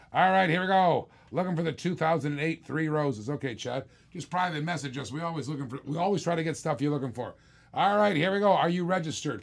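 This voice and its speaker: Gravelly-voiced man calling a live auction. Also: fairly high pitch. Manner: rapid repetitive bid calling, chatty asides. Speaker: auctioneer host.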